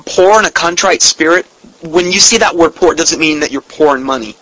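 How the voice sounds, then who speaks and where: Earnest high-voiced male preacher. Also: sharp tone, dry recording, low-quality recording. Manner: earnest, emphatic, slows down to read definitions and scripture; emotional about the subject. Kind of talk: sermon.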